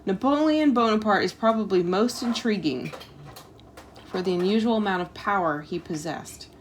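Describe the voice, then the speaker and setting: A woman's voice: medium pitch, moderate pace, slight background noise. Woman reading history aloud to her child. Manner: casual asides with fillers like "like" and "um". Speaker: homeschool parent reading a history lesson.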